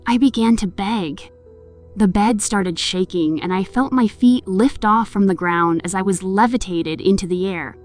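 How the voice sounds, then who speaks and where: A woman speaking a little slowly in a mid-range voice narrates a horror story against a musical backdrop. When the heroine begs, she voices those lines emotionally.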